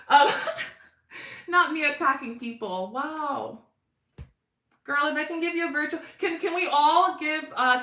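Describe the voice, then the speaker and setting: A woman's voice: high voice, pushed and bright, reverberant. A young woman hosting a casual livestream, chatting animatedly with her viewers in the chat. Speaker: livestream host.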